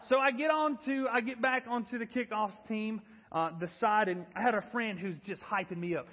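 A man in his thirties preaches a sermon in a high, husky voice, telling stories in an animated and self-deprecating way. His voice carries the long reverb of a church hall, and the recording sounds dull and muffled. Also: fairly quick. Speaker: pastor. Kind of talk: sermon with storytelling.

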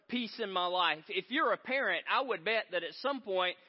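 High-voiced pastor preaching in a hall. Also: male voice, normal speed. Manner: conversational storytelling, animated and joking. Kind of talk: sermon. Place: large church sanctuary. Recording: reverberant hall, dull sound.

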